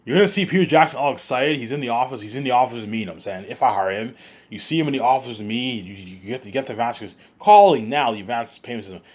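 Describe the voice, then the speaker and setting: A man's voice: mid-range voice, animated, fast. Guy rambling on a vlog, hyped, says stuff over and over. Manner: hyped, repetitive, keeps circling back. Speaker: vlogger. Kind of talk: rambling monologue.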